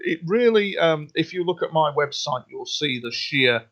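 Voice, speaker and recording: A man's voice: on the high side, animated, moderate pace, a bit bright. A man, a radio interview guest, talking earnestly and rambling, often repeating himself and restarting his sentences. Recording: dull lo-fi sound.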